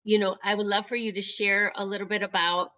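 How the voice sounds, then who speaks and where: Female support group host, mid pitch, dull lo-fi video call sound. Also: level tone, a little fast, sharp tone. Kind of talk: casual group discussion.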